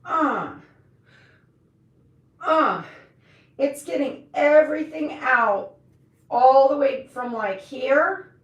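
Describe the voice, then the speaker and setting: A woman's voice: sits high, animated, lo-fi sound. A woman hosting a live stream, demonstrating stretches in a loose, joking, slangy way. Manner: chatty, joking, slangy, drawn-out. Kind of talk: casual live-stream exercise demo. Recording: echoey room.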